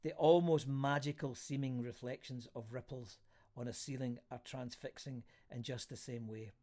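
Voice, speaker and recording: A man vlogging in a casual, self-deprecating way, reading poems aloud slowly and thoughtfully with hesitant fillers. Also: medium pitch, steady tone. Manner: slow, reflective, soft-spoken with hesitant fillers.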